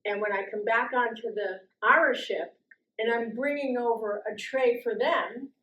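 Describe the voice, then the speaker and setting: A middle-aged woman tells a long personal story in an unhurried way, her voice sitting a little high and swinging up when she acts out other people. Her words carry the ring of an echoey room. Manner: lively, acts out quoted voices with big jumps in pitch and loudness. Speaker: storytelling guest speaker.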